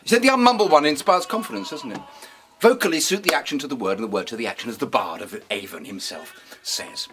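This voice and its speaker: A man giving an acting lesson in a pompous, deadpan, mock-serious way. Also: mid-range voice, a little fast. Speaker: acting teacher. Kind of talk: mock-serious instructional talk.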